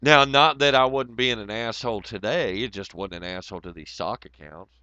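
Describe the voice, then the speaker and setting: A man's voice: mid-range voice, fairly quick, pushed and bright, clear, resonant tone, dry recording, lo-fi sound. A man ranting in a rambling, profane way on a casual livestream, breaking into laughter often.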